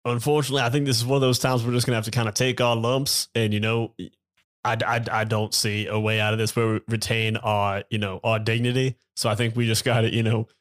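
A man at a tabletop game rambles along in a wry, filler-heavy way. His voice sits at an everyday middle pitch. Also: flat delivery, fast. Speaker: player. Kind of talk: casual in-character tabletop play.

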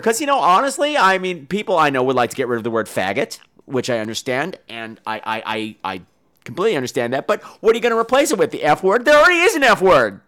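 A man's voice: fairly high pitch, big pitch swings, fast, fairly bright tone. A young man hosting a podcast, delivering a profane, sarcastic comedic monologue and ranting about everyday annoyances. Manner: profane, sarcastic, ranting, breaks into silly put-on voices. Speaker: podcast host.

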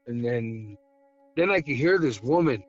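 A man from the Blackfeet reservation telling a ghost story as a podcast guest, halting, with many fillers and restarts. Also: mid-range voice, expressive, highs cut off, faint music behind. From Blackfeet reservation, Montana, US.

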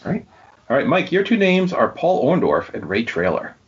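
A man's voice: medium pitch, big pitch swings, normal speed, a little hiss or hum. A man hosting a casual podcast trivia game, reading out questions and answers and laughing easily. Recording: dull lo-fi sound.

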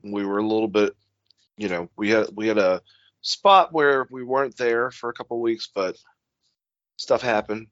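A man's voice: on the low side, moderate pace, a bit bright, no echo, muffled recording. A young man co-hosting a casual podcast, laid-back and rambling, swearing casually. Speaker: podcast co-host.

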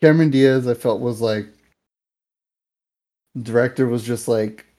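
Young male podcast co-host, relaxed dark tone, loose and filler-heavy. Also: medium pitch, unhurried. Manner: rambling, filler-heavy, animated retelling. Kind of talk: casual movie review chat.

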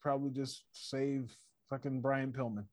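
A man's voice: mid-range voice, a little slow, dry recording. Guy chatting loose, acts out quotes, cusses a lot, medium voice, dead dry sound. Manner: animated storyteller, acts out quotes, laughs often, swears freely. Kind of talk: casual chat.

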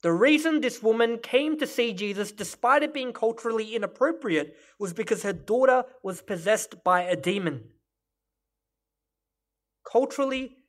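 A man's voice: high-pitched, fairly bright tone. A male pastor delivering a sermon, explaining scripture and Greek word meanings in a teaching manner.

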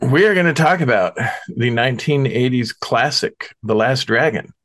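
A man's voice: mid-range voice, animated, normal speed, a bit bright, no echo. A man co-hosting a casual podcast chat, making short, dry joking asides.

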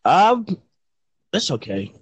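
A man's voice: fairly high pitch, huge pitch swings, slow pace, husky, no echo, poor audio. A man from Virginia, hosting a casual chat and rambling as he searches for words. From Virginia, United States. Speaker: host.

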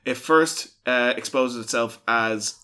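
A man co-hosting a podcast in casual chat, with a bright, forceful voice. He explains things at length and drops swear words for emphasis. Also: medium pitch, slow, clear, resonant tone. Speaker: podcast co-host.

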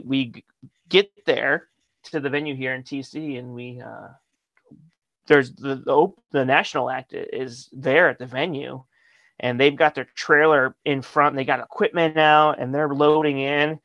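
A man from Michigan, a metal band member, telling a story in a casual interview, animated and profane, acting out the dialogue. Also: medium pitch, moderate pace, no room sound.

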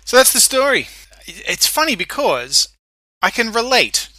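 A man's voice: extremely high pitch, sing-song, measured pace, pushed and bright, dry recording. A man co-hosting a casual podcast chat who jokes and laughs often. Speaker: podcast co-host.

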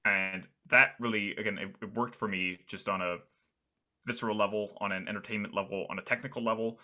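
A man with a low-leaning, bright voice chats loosely about movies on a podcast. He circles his points with fillers and restarts. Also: steady tone, brisk. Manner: rambling, many fillers and restarts. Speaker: podcast co-host. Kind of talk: casual film discussion.

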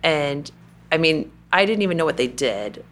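In this conversational interview, a company president from Kentucky, a middle-aged woman with a Southern accent, recounts her story with lots of filler words. She speaks at a moderate pace in a low voice with wide swings in pitch, over a faint hiss or hum.

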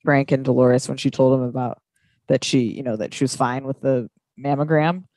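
Thirties woman, low pitch, blunt casual co-host, dry room. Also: steady tone, normal speed, mellow, no room sound. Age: 30s. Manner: blunt, swears freely. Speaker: podcast co-host. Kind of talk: casual chat.

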